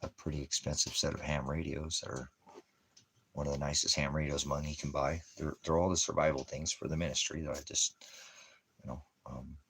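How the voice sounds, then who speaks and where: This ministry vlogger's voice is extremely low, creaky and a bit bright, delivered briskly in a level tone, with a little hiss or hum in the recording. He rambles casually about money and leaving town while cooing baby-talk at his dog in bursts.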